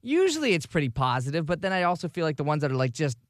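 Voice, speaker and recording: A man's voice: fairly high pitch, big pitch swings, rapid-fire, dry recording, clean studio sound. A man co-hosting a podcast, telling a rambling story with many fillers in casual chat. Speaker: podcast co-host.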